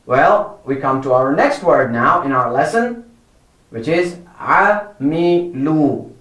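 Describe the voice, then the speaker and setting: In an animated, fairly bright, fairly high voice, a man guides children through Quran recitation slowly and carefully. He repeats every word with patience and flags the wrong ways of saying it, while the room adds a noticeable echo.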